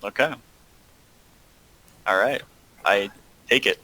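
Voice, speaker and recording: A man's voice: lowish voice, bright, forceful tone, dry recording, poor audio. A man taking part as a player in a tabletop game, talking casually and hesitantly. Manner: slow, hesitant.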